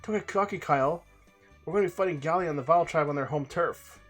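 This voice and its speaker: A man voicing a feisty, sharp-tongued young woman in a game let's play. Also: fairly high pitch, fast talker, soft background music.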